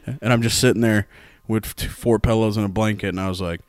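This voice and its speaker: A man's voice: on the low side, fairly even intonation, brisk, no room sound. A young man hosting a casual sports podcast, telling stories loosely with lots of swearing and laughter. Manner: loose, profane, storytelling, laughs often. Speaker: podcast host.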